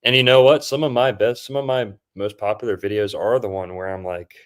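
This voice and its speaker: A man's voice: mid-range voice, fairly even intonation, fairly quick, clean tone. A man hosting a podcast in casual chat, joking and mocking as he riffs. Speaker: podcast host.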